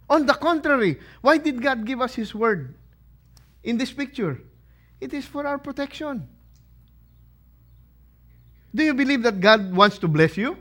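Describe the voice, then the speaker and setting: A man preaching a sermon as pastor, posing questions to the congregation and answering them with emphatic, animated delivery. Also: extremely high pitch, measured pace, long pauses.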